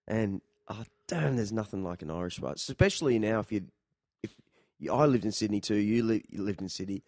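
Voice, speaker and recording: A man hosting a podcast, telling stories in an animated, casual way. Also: lowish voice, brisk, no echo, clean studio sound. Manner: animated storyteller. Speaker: podcast host. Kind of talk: casual chat.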